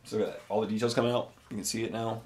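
A man's voice: on the low side, level tone, racing, a little mellow, echoey room. A man hosting a miniature painting video, talking casually while he paints and rambling with many fillers and self-corrections.

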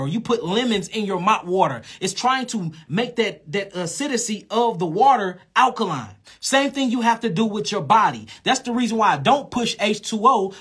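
Man, holistic health teacher; high, husky voice; emphatic, blunt, profane lecturing. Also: sharp tone.

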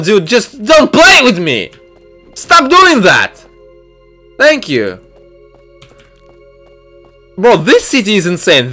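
A young adult man giving excitable, jumpy let's-play commentary full of shouts and exclamations. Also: sits high. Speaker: gaming YouTuber.

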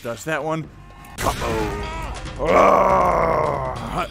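A gaming video host giving excitable, casual let's-play commentary, full of exclamations and bursts of laughter. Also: mid-range voice, very slow, gravelly, music in the background.

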